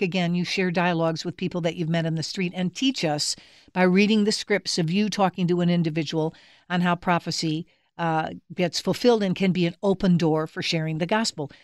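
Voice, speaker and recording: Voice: medium pitch, brisk, no echo, clean studio sound. A radio show host asking long, leading questions and praising the guest's work. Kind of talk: interview.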